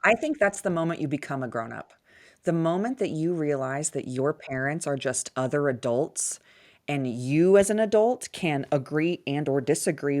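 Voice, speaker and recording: Female guest, thirties, very low voice, candid and animated, wry humor. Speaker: podcast guest. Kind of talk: casual conversational interview.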